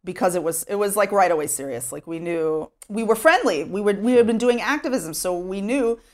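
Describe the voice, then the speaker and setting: A woman's voice: mid-range voice, animated, brisk, a little mellow. A woman from Texas, chatting as a guest about her own life at home and filling her talk with "like". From Sherman, Texas, US. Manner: chatty, with many "like" fillers. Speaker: interview guest. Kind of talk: casual storytelling interview.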